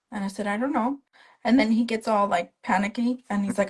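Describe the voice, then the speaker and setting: A young woman talks into her phone on a live stream in a medium-pitched voice. She tells her story casually and keeps acting out what the other people said. Her delivery is chatty and full of quoted dialogue. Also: normal speed, low-quality recording. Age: young adult. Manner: animated retelling that acts out the other people's quoted lines. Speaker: guest, stroke survivor. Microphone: phone on a live video stream.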